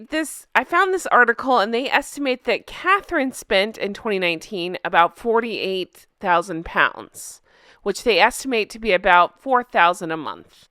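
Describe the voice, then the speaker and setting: A woman vlogger giving casual commentary to her viewers, incredulous and emphatic, breaking into laughter and slowing down to stress her points. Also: mid-range voice, bright, forceful tone, clean tone, no echo, studio quality.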